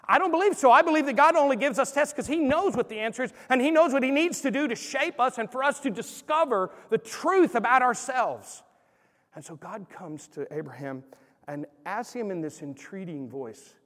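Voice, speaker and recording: A high-voiced man in his forties delivers a sermon full of stories. He talks in animated swings, acting out every quote. His voice rings with a long hall reverb. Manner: animated storyteller, acts out quotes. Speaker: preacher. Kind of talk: sermon with storytelling.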